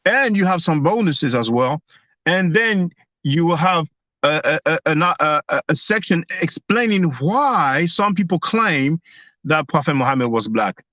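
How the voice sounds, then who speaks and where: Man, higher-pitched voice, hesitant restarts, muffled dry phone sound. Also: animated, unhurried, bright, forceful tone, dry recording. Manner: hesitant, many restarts and fillers. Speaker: host. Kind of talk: live stream discussion.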